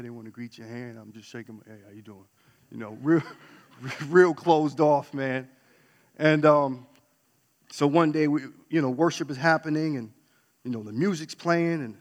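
A man sharing a personal faith testimony in an earnest storytelling way, dropping to a hush and then rising to loud excitement. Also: a little high, in a large hall. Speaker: church member sharing his testimony.

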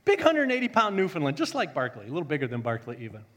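A male pastor telling a story in a sermon, joking and animated, swinging from loud bursts to hushed tones. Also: on the high side, very fast, big-room sound.

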